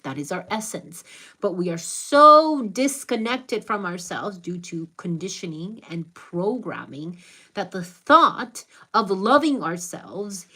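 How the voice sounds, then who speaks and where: A middle-aged American woman with a Hispanic Latin accent runs a live stream, saying hello to viewers by name and sharing earnest spiritual insight. Her medium-pitched voice sounds husky, pushed, and bright.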